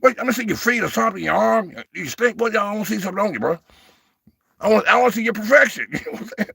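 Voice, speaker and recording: A man's voice: high-pitched, animated, fast, creaky, bright, forceful tone, husky, dry recording, studio quality. A man in his sixties hosting a casual livestream, speaking in a folksy, preacher-like way, calling viewers baby and brother, and getting fired up and playful with his chat. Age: 60s. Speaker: livestream host.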